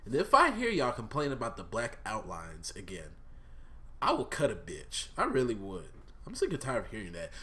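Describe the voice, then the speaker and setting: A young man hosting his own vlog, giving a casual, profane review of a cartoon episode, swinging between loud outbursts and subdued talk. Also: fairly low pitch, huge pitch swings, moderate pace.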